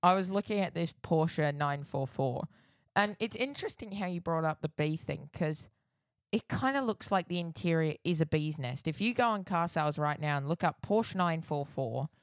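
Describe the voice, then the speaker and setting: A man's voice: on the high side, lively intonation, normal speed, clean tone, dry recording. A man, co-hosting a casual podcast, with a dry and laid-back delivery. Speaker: podcast co-host.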